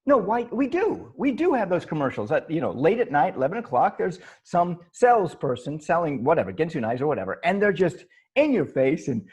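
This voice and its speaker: A man co-hosting a loose podcast conversation over a video call. His voice sits a bit high and swings widely in pitch, with a husky edge. He laughs easily and trips over his words as he thinks aloud. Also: brisk, hardly any pauses. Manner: animated, laughs often, stumbles and restarts. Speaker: podcast co-host. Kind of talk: casual improv chat over video call. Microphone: video call mic.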